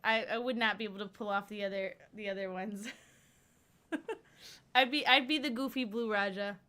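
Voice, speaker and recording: Bright-voiced chatty woman streamer. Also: medium pitch, fairly even intonation, normal speed, smooth. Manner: chatty, laughs often, rambling asides. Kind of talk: casual gameplay commentary.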